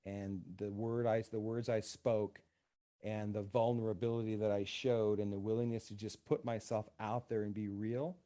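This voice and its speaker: Low warm-sounding guy, counselor chatting on a radio show, tells stories and does the voices. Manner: storytelling, acts out quoted dialogue. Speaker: counselor guest. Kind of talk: casual podcast conversation.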